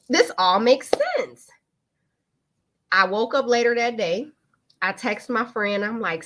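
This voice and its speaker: A woman's voice: on the high side, normal speed. A woman, hosting a live online talk and candidly telling a personal story in casual speech. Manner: candid, animated, swings into lively quoted voices.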